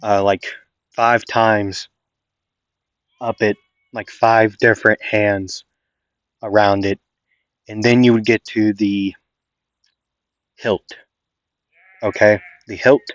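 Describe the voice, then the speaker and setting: Brief: casual young male storyteller, low-pitched, meandering, on a muffled home mic. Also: level tone, slow pace, long pauses, dry recording. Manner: rambling, full of "like" and restarts. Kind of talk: casual improvised fan-story narration.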